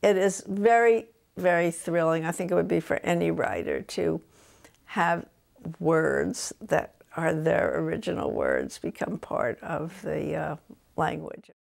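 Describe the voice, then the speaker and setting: Older lady writer from jersey chatting at home, low gravelly voice, acts out her kid's lines. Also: measured pace. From New Jersey. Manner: animated anecdotes, voices quotes of her son. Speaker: author being interviewed. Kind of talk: relaxed interview storytelling.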